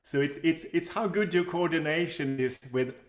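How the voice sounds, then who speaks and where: Man explaining tongue positions in a roomy space. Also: a little high. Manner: halting, with frequent restarts and chuckles. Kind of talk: casual explanatory chat. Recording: roomy echo.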